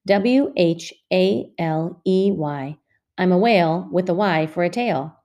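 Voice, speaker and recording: A woman reading aloud and voicing a cheerful, joking woman schoolteacher in a brisk, jolly manner. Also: on the low side, a little mellow, lightly acted.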